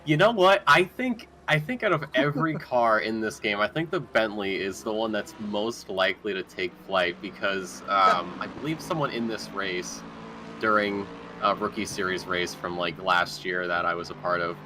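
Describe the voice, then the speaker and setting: A man with a lowish voice sits in as guest commentator on a sim race. He talks in a relaxed, rambling way, and there is clear noise behind him. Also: normal speed. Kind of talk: casual race commentary chat.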